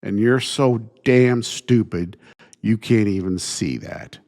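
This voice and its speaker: A man with a low, gravelly voice delivers a solo opinion rant as host of his show. He talks slowly and indignantly, often stumbling and restarting his sentences, with heavy sighs in between. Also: a little mellow. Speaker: podcast host.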